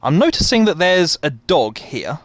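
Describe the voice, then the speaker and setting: Slightly high and very animated, this man speaks at a normal speed in a dry recording. He plays a game on stream, casually chatting and answering the viewer messages he reads out.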